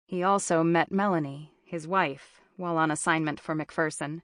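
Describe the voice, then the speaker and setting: A woman narrating a thriller audiobook in a measured, even storytelling manner on a close studio mic. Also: low-pitched, dry recording.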